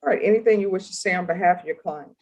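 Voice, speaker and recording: A woman judge in a courtroom, asking formal, deliberate questions in a stern manner. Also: fairly low pitch, darkish tone, a little hiss or hum, rough recording. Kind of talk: courtroom plea hearing.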